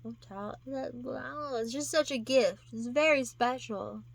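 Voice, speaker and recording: A woman's voice: a little high, normal speed, gravelly, dry recording. A woman vlogger chatting casually to her camera, rambling and self-deprecating with lots of restarts.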